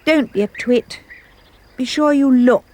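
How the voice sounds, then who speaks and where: A woman giving a playful, expressive reading of comic rhyming verse. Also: a little slow. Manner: animated, playful storytelling with big pitch leaps. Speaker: storyteller.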